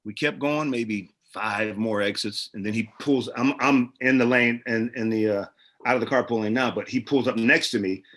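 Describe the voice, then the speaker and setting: Bright-voiced man telling animated stories. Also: mid-range voice, normal speed. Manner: animated, acts out the people in his stories. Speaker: actor and producer, guest. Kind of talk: casual interview storytelling.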